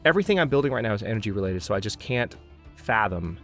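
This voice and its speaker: A man's voice: lowish voice, lively intonation, fast, fairly bright tone, faint music behind. A man hosting a gameplay video, commenting as he plays and growing exasperated, talking to himself. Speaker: let's play host.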